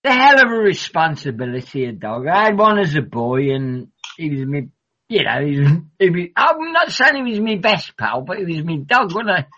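A man's voice: on the high side, sing-song, normal speed, sharp tone, lo-fi sound. A man rambling and joking in casual podcast chat, swearing freely over an online voice call. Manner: rambling, jokey, sweary banter.

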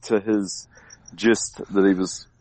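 A man as a guest in a casual conversation, talking in a rambling, halting way with many restarts. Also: low-pitched, steady tone, darkish tone, dry recording, low-quality recording. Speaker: podcast guest.

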